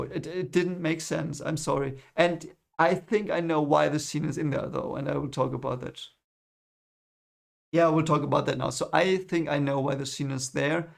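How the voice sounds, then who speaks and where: Rambling man with a gravelly voice. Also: on the high side. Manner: rambling, frequently corrects himself and apologizes. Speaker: film reviewer vlogger. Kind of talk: casual spoken film recap.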